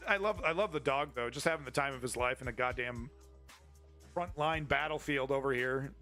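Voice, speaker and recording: A man's voice: medium pitch, a little fast, pushed and bright, soft background music. A man hosting a casual news commentary stream, opinionated, profane and rambling.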